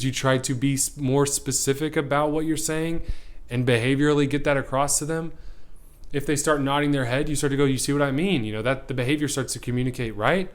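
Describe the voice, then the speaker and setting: An acting coach, a man, talks straight to his viewers in an energetic, emphatic way. His voice sits at an ordinary middle pitch, and he leans on key words as he teaches. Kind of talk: direct-to-camera teaching.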